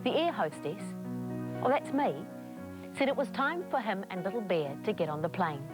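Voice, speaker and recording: A woman, a children's TV presenter, telling a story to young children in a lively, encouraging, sing-song way. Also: medium pitch, moderate pace, music in the background, rough recording.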